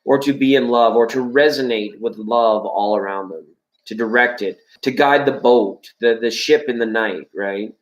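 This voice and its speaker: Male tarot host, playful and rambling, mid-range voice, echoey room. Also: normal speed. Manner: rambling, playful, jokey, shifting pitch and loudness. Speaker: tarot reader and livestream host. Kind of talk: live-stream chat, tarot reading.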